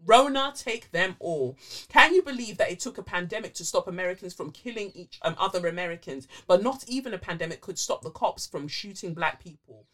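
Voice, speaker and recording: A woman podcast co-host casually reading listener letters aloud, animated, with frequent fillers and swearing. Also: fairly low pitch, fast, hardly any pauses.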